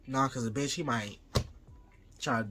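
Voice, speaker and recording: A man with a bright, forward voice tells a storytime tale straight to camera. His delivery is loose and profane, and he slips into acting out what he said in the moment. It sounds like casual vlog talk. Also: mid-range voice, measured pace. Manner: profane, animated retelling, acts out his own quoted lines. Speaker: vlogger.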